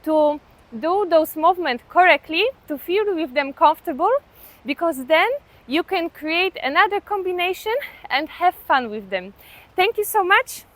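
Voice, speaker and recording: A woman teaching belly dance on a beach outdoors, calmly counting beats aloud in simple, non-native phrasing. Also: very high voice, moderate pace. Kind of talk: step-by-step dance lesson with counting.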